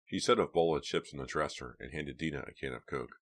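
A man narrating an audiobook with a steady, measured reading. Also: extremely low pitch.

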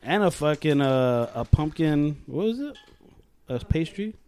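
A young man co-hosting a podcast, telling swearing-laced stories in animated chat and acting out the quotes. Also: on the high side, unhurried. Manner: profane, animated storytelling with acted quotes. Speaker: podcast co-host. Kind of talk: casual chat.

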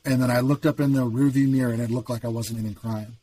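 A man's voice: mid-range voice, level tone, quick pace, few pauses, a little mellow. Man, middle-aged, earnest storyteller, casual testimony, faint noise. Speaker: podcast guest.

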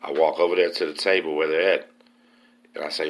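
A man from Texas, hosting a podcast and telling a story in a streetwise, profane, animated way. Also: very deep voice, quick pace. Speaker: podcast host. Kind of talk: casual storytelling.

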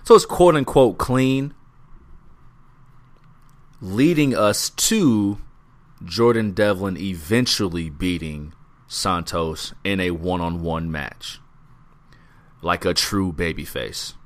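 A man co-hosting a wrestling podcast, talking casually and profanely, drawing out his recaps. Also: deep voice. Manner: laid-back, profane, drawn-out recaps. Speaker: podcast co-host.

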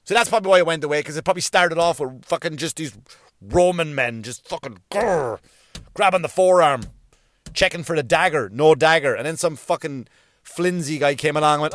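A man doing a profane comic rant, swearing constantly and mimicking people in quick bits. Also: fairly high pitch, expressive, a bit bright, no echo, clean studio sound. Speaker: comedian.

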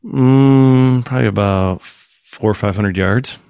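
A man hosting a casual chat, telling stories in an animated way and acting out quotes. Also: medium pitch, slow, vocal fry, clear, resonant tone, no room sound, lo-fi sound. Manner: animated storytelling, acts out quotes. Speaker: podcast host.

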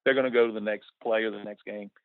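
A man's voice: fairly low pitch, steady tone, fast, dry recording. Man on a tinny phone line. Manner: folksy, repeats words when emotional. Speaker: former coach. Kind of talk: casual radio interview.

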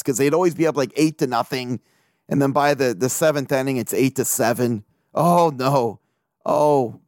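A man's voice: mid-range voice, dry recording, clean studio sound. A man hosting a casual sports podcast, ranting with lots of swearing and laughing at himself. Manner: profane, animated ranting. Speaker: podcast host.

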